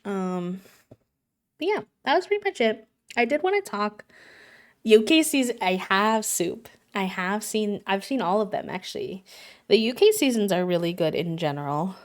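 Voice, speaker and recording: A young adult woman streamer in casual chat, retelling a story in an animated way, with lots of fillers. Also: mid-range voice, moderate pace.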